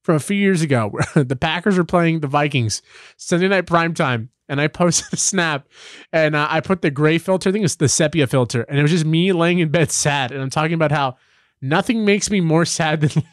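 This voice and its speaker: A young man with a slightly high voice rambles through sports stories, full of fillers and sudden excited jumps in pitch. His close, dry mic leaves no room sound at all. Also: brisk, no room sound. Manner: animated, rambling storytelling with many fillers. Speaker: podcast co-host. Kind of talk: casual sports chat.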